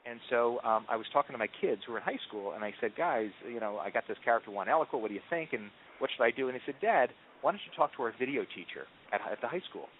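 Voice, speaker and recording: A man being interviewed as a marketing executive, telling stories in an animated way with frequent ums and restarts. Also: mid-range voice, slight background noise. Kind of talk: conversational interview answers. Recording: tinny phone-line audio.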